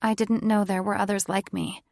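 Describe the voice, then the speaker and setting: A woman's voice: medium pitch, level tone, normal speed, vocal fry, darkish tone, no echo, studio quality, natural voice. A woman voicing a shy, nervous young woman who stammers and hesitates.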